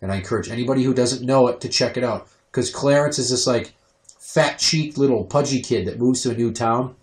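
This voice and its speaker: Crude, animated man in an echoey room. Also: mid-range voice, brisk. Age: young adult. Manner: crude, animated, swears freely, puts on voices for quotes. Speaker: podcast host. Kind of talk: casual podcast chat.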